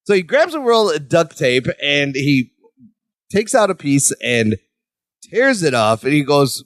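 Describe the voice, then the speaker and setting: A man's voice: high voice, a little slow, no echo. A man co-hosting a podcast in casual chat, acting out quoted lines from a sitcom. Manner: animated, acts out quoted lines. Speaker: podcast co-host.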